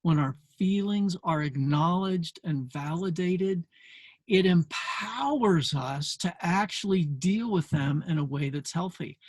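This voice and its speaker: A man's voice: on the high side, animated, slow, slightly rough, no room sound. An older man hosting a parenting show, explaining a book in an earnest talk with many fillers. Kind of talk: casual talk to camera.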